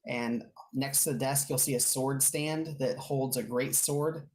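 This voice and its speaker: Woman, game master, deep low voice, rambling scene narration, tabletop game. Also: fairly even intonation, a little slow, darkish tone. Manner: rambling description with many fillers and restarts.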